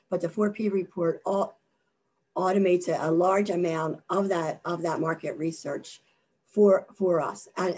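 A woman presenting a webinar walkthrough of slides, halting with many fillers and repeated words, her voice worn from allergies. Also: deep voice, creaky, a little mellow, breathy edge. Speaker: government contracting presenter.

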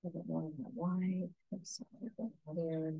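A woman teaching a painting lesson, giving soft, unhurried step-by-step instructions. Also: lowish voice, fairly even intonation, creaky, narrow, tinny audio, slight background noise.

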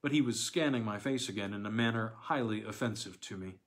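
A man narrating a classic novella in the first person, with a measured, theatrical reading. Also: lowish voice. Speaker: audiobook reader.

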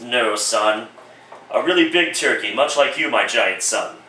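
A man voicing a deadpan poor father in a low, flat voice. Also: unhurried, slight background noise. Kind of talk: one-man comedic radio play. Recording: roomy echo, distant mic.

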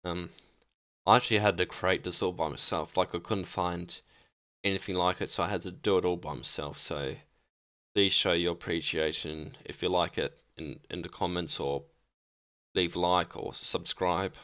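A man's voice: sits low, steady tone, moderate pace, bright, forceful tone, dry recording, studio quality. A young man talking casually and hesitantly about game maps, with many ums and restarts. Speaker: gaming video creator. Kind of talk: casual game map ranking commentary.

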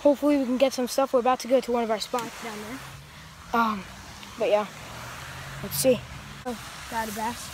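High-voiced excitable woman vlogging outdoors. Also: normal speed, pauses often, rough recording. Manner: excitable, chatty, many fillers. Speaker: fishing vlogger. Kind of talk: casual outdoor vlog. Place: outdoors at a lake. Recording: outdoor noise behind the voice.

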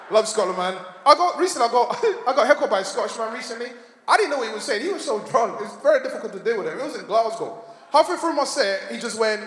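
High-voiced man doing stand-up in a hall. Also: big pitch swings, fast, fairly bright tone. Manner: storytelling with laughs and put-on voices. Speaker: stand-up comedian. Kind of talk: stand-up comedy set. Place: large hall on stage. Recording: echoey hall with long reverb.

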